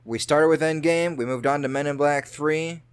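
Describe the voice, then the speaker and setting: A man's voice: a little high, steady tone, moderate pace, clean tone. A man co-hosting a podcast in casual chat, jokey and loose, laughing often. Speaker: podcast co-host.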